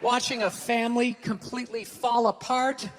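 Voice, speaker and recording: A man doing a stand-up comedy routine on stage, ranting profanely and breaking into shouts. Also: extremely high pitch, little pitch movement, normal speed, noisy background. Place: large venue on stage. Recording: hall reverb with faint ambience.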